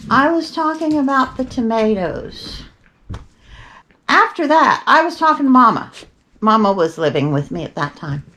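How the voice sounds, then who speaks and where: A woman's voice: on the high side, sing-song, normal speed, sharp tone. An older woman hosting a show, telling rambling, chatty stories with wry asides and frequent digressions. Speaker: podcast host. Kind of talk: rambling casual storytelling.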